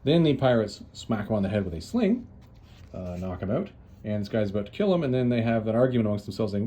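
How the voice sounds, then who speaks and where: A man's voice: lowish voice, big pitch swings, fast talker, dark tone, a little hiss or hum. A man casually retelling a story as a host, chatty and loose, with lots of "uh"s and restarts. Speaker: comics reviewer, host.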